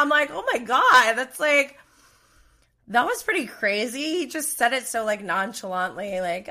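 Woman host for a casual live recap: bright, chatty, opinionated, mimics the people she quotes. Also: a little high, lively intonation, moderate pace.

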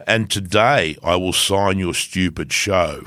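A man's voice: medium pitch, expressive, moderate pace, fairly bright tone, no room sound, clean studio sound, natural voice. A man doing a grandiose self-adoring racing legend. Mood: triumphant. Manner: grandiose, self-adoring, speaks of himself in the third person. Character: boastful self-crowned legend male motorbike racer. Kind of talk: comic impression in a podcast.

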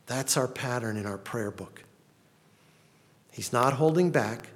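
A man's voice: medium pitch, animated, unhurried. A male pastor preaching a sermon in an earnest manner, reading laments with rising passion.

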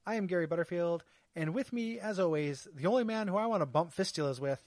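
High lively male podcast host, dry sound. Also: quick pace, no echo. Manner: laughs often, banters. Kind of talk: casual podcast chat.

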